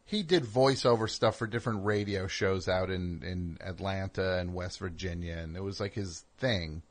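A man's voice: low-pitched, normal speed. A man hosting a call-in show in casual chat, riffing sarcastically with stammering restarts.

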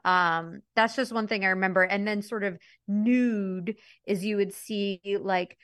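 A woman's voice: medium pitch, fairly even intonation, unhurried, fairly bright tone, no room sound, clean studio sound. A woman guesting on a podcast, chatty and casual, with many "like" fillers.

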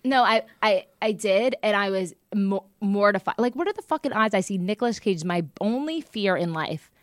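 A woman's voice: medium pitch, expressive, moderate pace. A young woman hosting a casual podcast chat, swearing freely and laughing often. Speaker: podcast host.

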